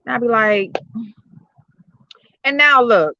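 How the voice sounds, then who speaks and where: A woman livestreams casually from home, her medium-pitched voice sharp in tone at a moderate pace. She rambles through stories for her viewers with many fillers and frequent cursing. The dry recording, made with streaming software on a computer or phone, is slightly dull lo-fi.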